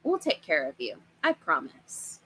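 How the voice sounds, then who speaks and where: A gruff, low-voiced monster at a theme park gate, smooth and unsettlingly polite, as a woman narrator puts him on. He speaks slowly and evenly, promising to take care of everything. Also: huge pitch swings, fairly bright tone, exaggerated voice, low-quality recording. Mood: eerily polite.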